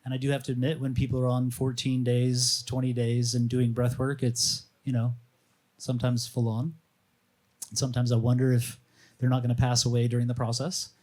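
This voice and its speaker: In a mid-range voice, a man appearing as a fasting coach on a live panel in an outdoor or open setting shares stories in a loose, animated style, voicing the people he quotes.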